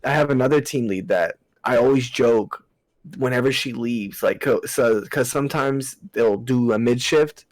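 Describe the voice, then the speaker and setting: A young man co-hosting a casual podcast, telling lively work stories and laughing as he acts out his coworkers. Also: mid-range voice, normal speed, no echo, poor audio. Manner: animated storytelling, laughing and acting out coworkers. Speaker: podcast co-host. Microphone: podcast mic over internet call.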